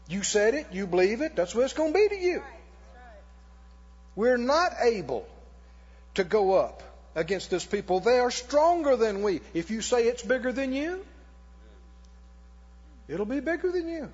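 A man preaching a sermon, emphatic and booming as he questions the congregation. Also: very animated, unhurried, long pauses, darkish tone, breathy edge. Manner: emphatic, rising and booming, asking the crowd questions. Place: church hall. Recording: echoey hall, dull lo-fi sound.

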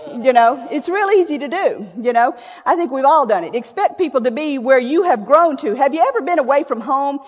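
A woman's voice: sits high, animated, a little fast. A woman giving a sermon in a church, telling stories in a folksy, chatty way and laughing often. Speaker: church speaker. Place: church sanctuary. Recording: echoey church hall, dull lo-fi sound.

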